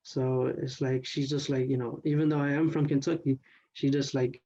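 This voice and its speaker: A man's voice: medium pitch, flat delivery, moderate pace, mellow, dull audio. A teenage boy retelling a partner's story in first person, talking loosely with lots of "like" and "you know". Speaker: student storyteller.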